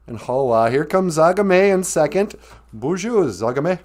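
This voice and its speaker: A man's voice: fairly high pitch, big pitch swings, normal speed, a little mellow. A man from Minnesota, hosting a casual live stream, playfully chatting and chuckling as he greets viewers. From north central Minnesota. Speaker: host.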